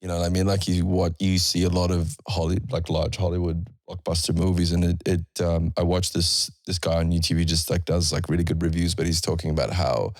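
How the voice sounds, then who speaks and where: Casual: deep-voiced guy rambling on a podcast, lots of like and um, dry close mic. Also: little pitch movement, fairly quick, few pauses, dry recording. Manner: rambling, full of fillers and restarts. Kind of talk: casual chat.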